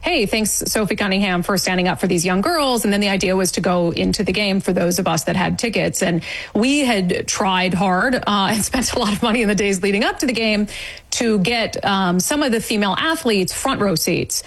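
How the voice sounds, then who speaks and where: A woman guest recounting an event in an interview, indignant and animated, acting out quoted remarks. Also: medium pitch, moderate pace, slightly rough, poor audio. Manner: indignant, storytelling with quoted asides. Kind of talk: animated eyewitness account.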